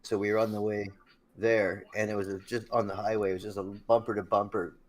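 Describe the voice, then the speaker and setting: A man's voice: lowish voice, flat delivery, a little fast. A man in his fifties telling a funny road-trip story in casual chat, swearing and laughing along the way. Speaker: streamer telling stories.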